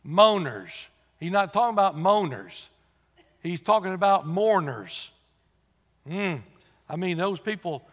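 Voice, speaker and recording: Older pastor, high-pitched, folksy, emphatic; church hall reverb. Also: male voice, a bit bright. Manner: folksy preaching with rising emphatic repetition. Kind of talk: sermon.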